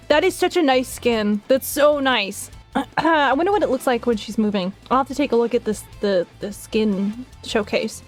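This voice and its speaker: A young woman streaming live, chatting casually to her viewers, giggly and gushing, swearing now and then while she thinks out loud. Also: a little high, moderate pace, faint music behind. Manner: thinks aloud while searching on her computer. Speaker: art streamer.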